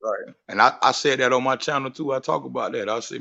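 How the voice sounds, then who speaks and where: A man talking as a guest on a casual livestream, animated and laughing often, with "you know what I'm saying" tags. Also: medium pitch, fast talker, gravelly, few pauses. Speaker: guest content creator. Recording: muffled stream audio.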